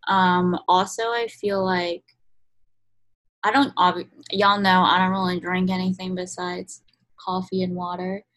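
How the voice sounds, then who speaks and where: A woman's voice: lowish voice, little pitch movement, unhurried, fairly bright tone, rough recording. A young adult woman co-hosting a podcast in casual chat, chatty with lots of ums and likes. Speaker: podcast co-host.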